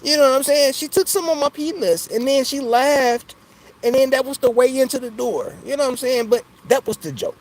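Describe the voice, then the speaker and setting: A man hosts a casual livestream, chatting loosely with viewers, laughing often between jokes and repeatedly asking "you know what I'm saying." His voice is extremely high and fairly quick, and the recording quality is low.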